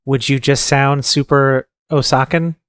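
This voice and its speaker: Relaxed podcast host man, dry. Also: medium pitch, unhurried, clear, resonant tone, dry recording. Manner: relaxed, reads audience questions. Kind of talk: casual interview questions.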